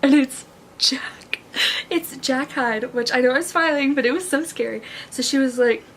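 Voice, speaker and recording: A young woman excitedly recapping a plot in a casual vlog, saying "like" a lot. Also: high voice, brisk, a little hiss or hum. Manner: excitable, heavy use of "like". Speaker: book and movie reviewer.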